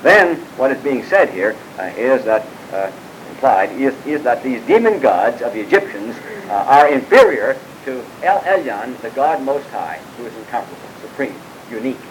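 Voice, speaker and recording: A man leads a scripture class at a steady, middling pitch. He works through the text while asking his students questions, often stopping on fillers and side remarks. A faint low rumble and hiss sits behind the recording. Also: normal speed, poor audio. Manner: questioning students, frequent "uh" and "by the way" asides. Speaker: Bible teacher. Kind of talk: classroom Bible lecture.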